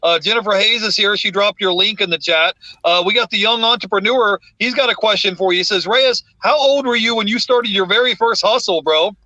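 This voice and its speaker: Bright-voiced man hosting a live stream. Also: sits high, a little fast, few pauses, no room sound, dull audio. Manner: reads chat messages aloud, laid-back.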